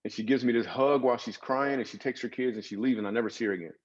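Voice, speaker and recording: He races through his stories at a medium pitch: a comedian and author appearing as a podcast guest, earnest and dramatic, swinging emphatically as he shares personal anecdotes. The interview has a lo-fi sound.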